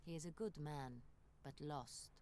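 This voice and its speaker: An actress voicing a proud, commanding duchess in a video game, speaking in formal, measured courtly phrases. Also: female voice, deep voice, darkish tone, a little hiss or hum.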